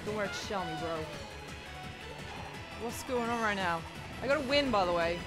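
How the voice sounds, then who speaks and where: A young woman commentating a racing game casually, swearing often and yelling at other racers. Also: mid-range voice, animated, moderate pace, pauses often. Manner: swears a lot, yells and wails at the game. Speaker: gaming YouTuber. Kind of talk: casual let's-play commentary. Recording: game music behind the voice.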